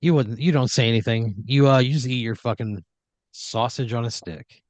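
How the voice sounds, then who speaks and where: Here a man hosts an improv podcast and runs the story, describing a scene in second person. He rambles loosely with lots of "like" and "you know," his mid-range voice darkish and moderately paced, with no room sound.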